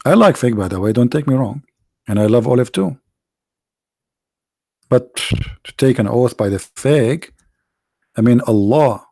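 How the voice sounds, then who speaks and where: A man's voice: mid-range voice, vocal fry, dark tone, slightly rough, no room sound, clean studio sound. A male video host and preacher talking in a sarcastic, mocking monologue full of rhetorical questions, his voice sounding tired.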